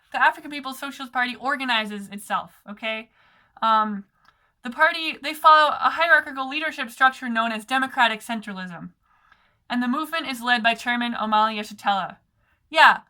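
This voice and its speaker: A woman's voice: a little high, pushed and bright. A young woman organizer giving an impassioned talk, sarcastic and heated, full of "like" and "okay".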